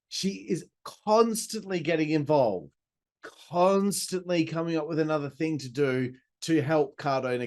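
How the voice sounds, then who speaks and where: A man, hosting a podcast and recapping a wrestling show in a chatty, enthusiastic way, swearing and throwing in asides. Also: a little high. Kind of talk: casual recap commentary.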